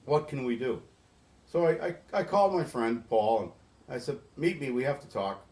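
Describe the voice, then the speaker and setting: Very animated and speaking at a moderate pace, a middle-aged New Englander being interviewed recounts a long story with earnest emotion. He organizes volunteers at a boatyard, has a mid-range, darkish voice, and frequently starts his sentences over.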